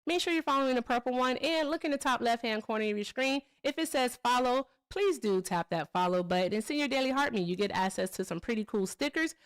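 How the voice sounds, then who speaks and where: A woman's voice: a little high, lively intonation, fast talker, hardly any pauses, smooth. A woman hosting a live call-in political debate stream, combative and mocking, repeating her points. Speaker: livestream political debate host.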